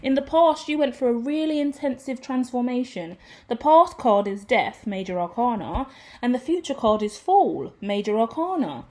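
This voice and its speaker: A woman giving a casual, rambling tarot reading to her viewers, excitable, swearing freely and laughing at herself. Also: fairly high pitch, normal speed. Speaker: tarot reader.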